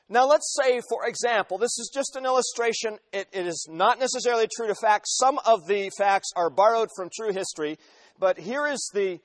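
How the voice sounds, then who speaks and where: A man in his forties preaching a sermon, telling illustrations emphatically and repeating phrases for weight. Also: sits high. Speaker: pastor.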